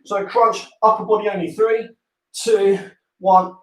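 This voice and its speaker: A man's voice: high-pitched, steady tone, unhurried. A man from the UK coaching a home workout, encouraging and joking as he counts down reps. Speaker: fitness instructor. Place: room at home. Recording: roomy sound, mic at a distance.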